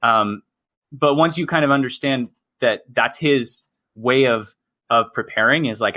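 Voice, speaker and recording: A man's voice: medium pitch, measured pace, pushed and bright. A man co-hosting a podcast, talking in a chatty, explanatory way. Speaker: podcast co-host. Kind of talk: casual discussion.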